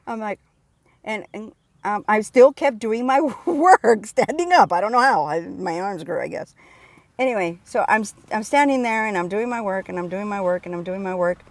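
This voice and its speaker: An excited woman recounts a spiritual experience in a loose, rambling way, circling back and repeating phrases as she talks. Her voice sits at an ordinary middle pitch. The sound is dry and close, with no room around it. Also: normal speed, no room sound. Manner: excited, repetitive, storytelling with restarts. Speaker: religious vlogger sharing testimony. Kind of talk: casual spoken testimony.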